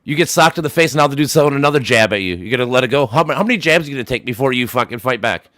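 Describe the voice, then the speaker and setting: A man's voice: medium pitch, animated, rapid-fire, a bit bright, no echo, clean studio sound. A man streaming a casual voice chat, arguing heatedly, swearing often and repeating himself as he presses his point.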